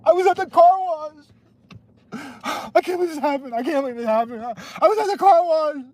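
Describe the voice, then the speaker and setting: Mocking impression: a man putting on a high, whimpering, fake-sobbing grown man, melodramatic and gushing. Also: expressive, brisk, a little mellow, dry recording.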